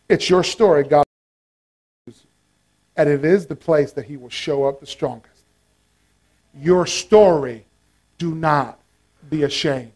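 A man preaching a sermon with passion, repeating key lines and swinging between shouts and hushed tones. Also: on the high side.

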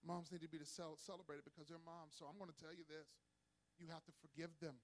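High-voiced preaching pastor, drawl. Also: male voice, flat delivery, quick pace. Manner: preaching with call-and-response, rising to shouts. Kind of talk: sermon.

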